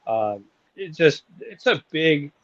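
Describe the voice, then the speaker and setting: A man's voice: fairly high pitch, very animated, slow, fairly bright tone, dry recording, highs cut off. A man in his forties co-hosting a casual wrestling talk show, rambling with lots of fillers. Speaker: podcast co-host.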